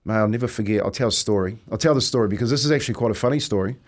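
Kiwi radio host, easygoing storyteller. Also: male voice, lowish voice, rapid-fire. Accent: New Zealand. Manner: reflective storyteller, says "mate" often, chuckles. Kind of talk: casual radio chat.

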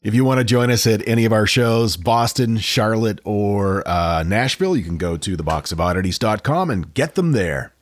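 A man's voice: lowish voice, animated, moderate pace, hardly any pauses. A man co-hosting a podcast, casually telling a true-crime story with jokey asides. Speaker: podcast co-host.

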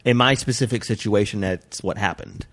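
A man's voice: lowish voice, moderate pace, a bit bright. A man from Las Vegas, a comedian guest, chatting casually and explaining things at length, often correcting himself mid-sentence. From Las Vegas, USA. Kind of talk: casual chat.

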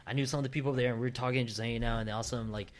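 Relaxed man chatting with friends. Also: medium pitch, racing. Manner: relaxed, rambling, keeps saying you know what I mean. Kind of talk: casual chat.

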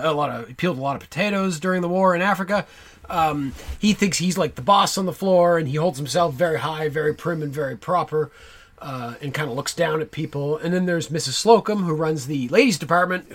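Brief: podcast host, man from Nova Scotia, slightly high voice, chatty, rambling, full of fillers. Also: fairly bright tone. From Nova Scotia, Canada. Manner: enthusiastic, digressive, many fillers. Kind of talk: casual chat.

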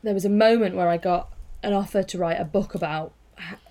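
A woman with a mid-pitched voice speaks earnestly as a podcast guest. She is reflective and candid and swears casually without any fuss. Her tone stays warm and conversational. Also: brisk. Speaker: guest activist.

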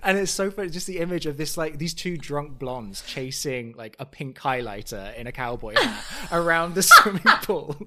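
Guy cohosting a podcast, telling a reality tv story all animated, laughing a lot, doing little impressions. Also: a little high, normal speed, a little hiss or hum. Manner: animated storytelling, laughing often, mimicking people he describes. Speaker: podcast co-host. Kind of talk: casual chat recapping a reality show.

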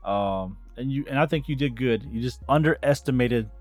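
A young man co-hosting a podcast in a casual, joking chat, slangy and quick to laugh. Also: mid-range voice, no room sound, faint music behind. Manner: laid-back, laughs often, slangy. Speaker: podcast co-host.

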